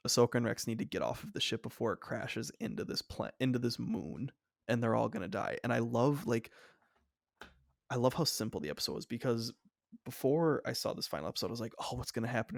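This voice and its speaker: A man's voice: medium pitch, lively intonation, brisk, creaky, dry recording, clean studio sound. A young man co-hosting a podcast in casual fan discussion, talking enthusiastically and rambling with lots of "like" fillers. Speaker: podcast co-host.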